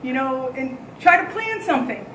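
A woman who leads a day camp gives a candid, animated thank-you speech built around a story. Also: high-pitched, normal speed, echoey room, a little hiss or hum, poor audio. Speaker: day camp and child care leader.

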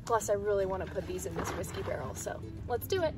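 A hyper, rambling young woman from the United States chats her way through a day of gardening at home. Her voice sits at a middle pitch and stays upbeat and chatty, with music playing clearly behind her. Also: lively intonation, fast. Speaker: vlogger. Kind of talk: casual chat while gardening. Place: at home, indoors and in the yard.

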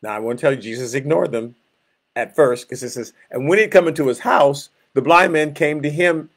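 A pastor leading a Bible study, explaining verses in plain words and acting out scenes with growls and groans. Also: male voice, on the high side, fairly quick.

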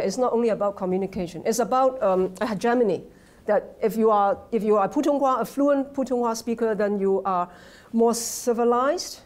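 A woman with a Hong Kong accent giving an academic lecture, halting with many fillers and restarts, often checking with the audience. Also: mid-range voice, a little mellow. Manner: conversational, asks the audience "right?". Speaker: guest lecturer. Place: lecture hall.

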